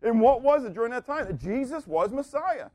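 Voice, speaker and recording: A man teaching a Bible class, asking questions and waiting for answers, swinging from loud emphasis to near-murmured asides. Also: extremely high pitch, sing-song, a little fast, no echo, clean studio sound.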